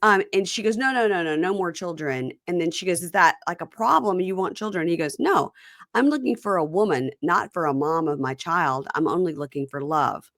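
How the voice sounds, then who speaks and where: A woman's voice: lowish voice, a little fast, fairly bright tone, dry recording, clean studio sound. A woman hosting a podcast, casually recapping a reality show and acting out the lines of its cast with wry asides. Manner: retells scenes with quoted voices and wry asides. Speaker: podcast host.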